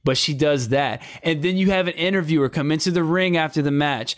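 A man co-hosting a casual wrestling talk show. He speaks in an animated, slangy way and often repeats his words. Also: on the high side, a little fast, hardly any pauses, no room sound, studio quality. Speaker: wrestling podcast co-host. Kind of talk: casual commentary chat.

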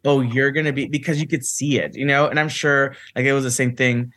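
A man's voice: mid-range voice, steady tone, fairly quick, bright, forceful tone. A man from Santa Ana, California, a guest actor telling stories in a chatty interview, full of "like" and "you know.". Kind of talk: casual storytelling interview.

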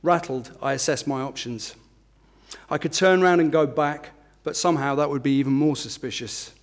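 A man's voice: fairly high pitch, moderate pace. A middle-aged man, an author from England, giving a self-deprecating talk with filler ums and then reading a passage from his book.

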